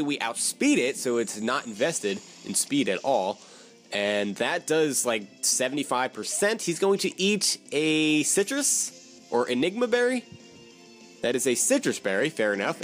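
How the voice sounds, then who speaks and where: Lively young man commenting on gameplay. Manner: lively, self-mocking, sudden pitch jumps when surprised. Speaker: let's-play commentator.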